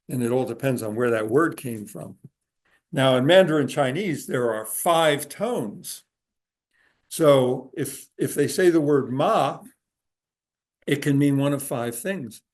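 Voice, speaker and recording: A man of medium pitch gives a conversational lecture to a group gathered in a room. He explains things patiently and casually, often pausing on filler words as he goes. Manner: relaxed, explanatory, with frequent "uh" pauses. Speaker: speaker giving a talk to a group. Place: room with a live audience.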